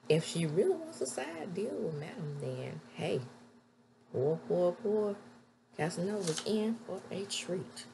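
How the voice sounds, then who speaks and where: A woman recapping a TV episode in a casual, chatty way, with sudden loud high exclamations. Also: sing-song, a little slow, creaky, noisy background. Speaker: TV episode reviewer.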